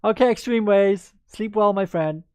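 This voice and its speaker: A woman's voice: mid-range voice, moderate pace, dark tone, smooth, dry recording. Chatty woman coaching chess live. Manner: chatty and upbeat, answers viewers by name. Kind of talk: livestreamed chess lesson, answering chat.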